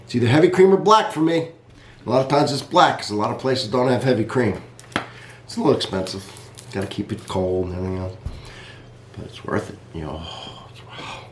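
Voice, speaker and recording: A man's voice: medium pitch, expressive, a little fast, echoey room, background noise. A man reviewing coffee in a casual vlog, chatty and rambling, talking straight to his viewers.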